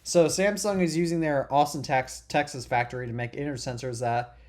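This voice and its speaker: A man's voice: mid-range voice, brisk, a little mellow. A teenage boy hosting a casual tech podcast, rambling with many restarts and dry sarcastic quips. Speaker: podcast host.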